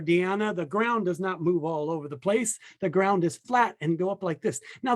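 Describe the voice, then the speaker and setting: A middle-aged man, a sign language instructor, talking casually and lively on a video call, often acting out quotes in voices. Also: sits high.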